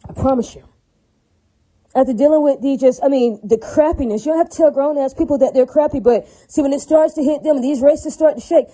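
A woman's voice: high-pitched, a little fast, warm tone, low-quality recording. A woman ranting alone in an unscripted monologue, swearing freely and repeatedly asking whether her listeners follow. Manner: profane, repetitive, keeps asking "right?" and "does that make sense?".

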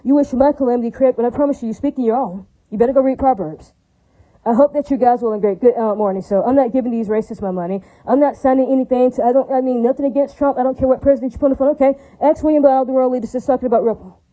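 In poor audio, a woman with a high, warm voice goes on an unscripted rant. She talks fast and indignantly, repeating herself, swearing, and breaking out into religious praise.

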